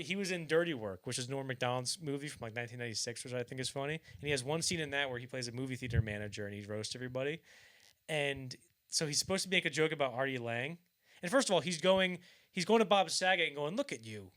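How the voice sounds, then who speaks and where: Young man, podcast host, casual storytelling, acts out quotes, lively delivery. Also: fast. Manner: animated storyteller, acts out quoted lines loudly and higher; casual and profane, frequent restarts. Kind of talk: casual chat, telling anecdotes.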